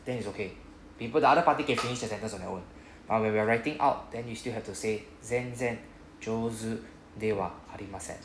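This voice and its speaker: A man's voice: on the low side, background noise. Singaporean man teaching Japanese in an echoey classroom. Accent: Singaporean English. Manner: patient, explains step by step, drills phrases slowly.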